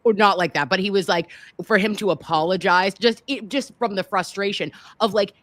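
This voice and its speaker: A woman hosting a commentary show, talking in an exasperated, animated way with casual slang. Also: fairly low pitch, normal speed, few pauses, no echo. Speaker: host.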